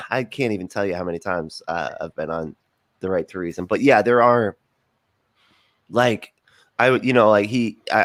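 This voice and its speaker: A man with a lowish voice talks loosely on a podcast. His sound is close and dry, with no room around it. He rambles, fills gaps and laughs often. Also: a bit bright, no room sound. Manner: rambling, lots of fillers and laughs. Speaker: podcast guest. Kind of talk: casual podcast chat.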